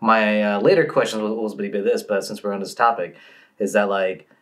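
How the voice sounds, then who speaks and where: A man's voice: on the low side, brisk, fairly bright tone. A man hosting a casual podcast interview, asking questions hesitantly with many restarts. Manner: hesitant, restarts questions, short backchannel replies. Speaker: podcast host.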